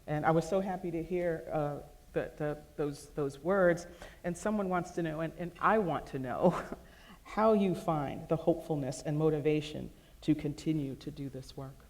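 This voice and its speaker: A woman's voice: sits low, normal speed, darkish tone. A woman moderating an onstage interview, speaking in a gracious, conversational way as she thanks people and poses a closing question. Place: large event hall with audience. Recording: long hall reverb.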